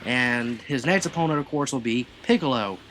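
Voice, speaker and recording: A man's voice: mid-range voice, moderate pace, a bit bright, slight background noise. A man casually reviewing an anime episode, chatty and rambling, full of asides as he recaps.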